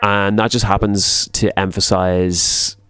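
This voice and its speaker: A man who produces music, talking through a tutorial in a relaxed, casual way and often repeating words for emphasis. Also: lowish voice, takes it slowly, slight background noise.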